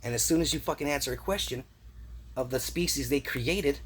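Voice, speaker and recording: A man's voice: mid-range voice, fairly quick, a little hiss or hum. A man delivering a rambling conspiracy rant, agitated and profane, repeating himself and throwing in rhetorical "right?" questions. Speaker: vlogger.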